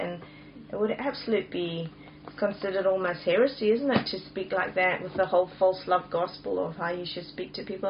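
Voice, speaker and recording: A woman's voice: medium pitch, vocal fry. A woman co-hosting a casual Bible discussion, reading scripture aloud with emphatic punch and laughing often. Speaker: Christian podcast co-host. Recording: dull lo-fi sound with faint hiss.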